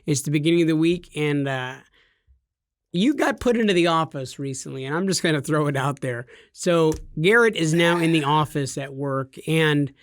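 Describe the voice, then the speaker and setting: A man with a fairly high voice co-hosting a gaming podcast, full of jokes and playful teasing. He talks in an easy, casual way. The studio sound is dry and close. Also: normal speed, dry recording. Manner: teasing, joking storyteller. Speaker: podcast co-host. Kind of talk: casual chat.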